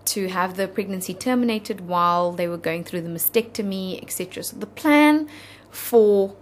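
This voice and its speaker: A South African woman in her thirties, an interview guest telling a personal story in an earnest, halting, heartfelt way. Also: lowish voice, slight background noise.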